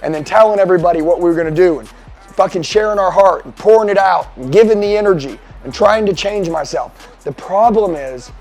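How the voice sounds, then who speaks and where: A foul-mouthed man with a fairly high voice fires up a mastermind group in a seminar. He swings from hushed asides to loud, punchy bursts, and faint music plays underneath. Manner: profane, intense, swinging between shouting and hushed asides. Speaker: sales coach addressing a mastermind group. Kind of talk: motivational seminar talk. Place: seminar room.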